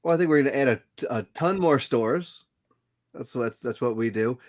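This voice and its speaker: A man's voice: mid-range voice, animated, normal speed. Easygoing man guest with a mid voice. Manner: easygoing, hesitant, many fillers. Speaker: guest, website founder. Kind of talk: casual podcast chat.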